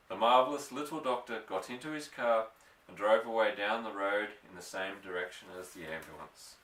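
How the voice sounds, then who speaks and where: A man reading a children's bedtime story aloud in a gentle, even narration. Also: fairly low pitch, normal speed, recorded from a distance. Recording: echoey room, voice off-mic.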